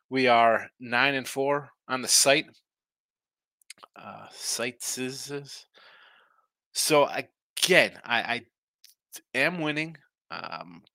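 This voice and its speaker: A man's voice: mid-range voice, sharp tone, no echo. A man hosting a casual sports betting picks show, talking in a rambling, trailing-off way while sleepy and yawning.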